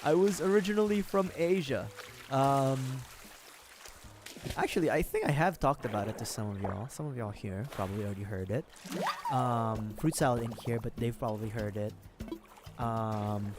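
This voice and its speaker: A man's voice: medium pitch, normal speed, pauses often, over music. A man from the Philippines chatting casually with viewers on a gaming livestream, laughing often and swearing freely as he rambles.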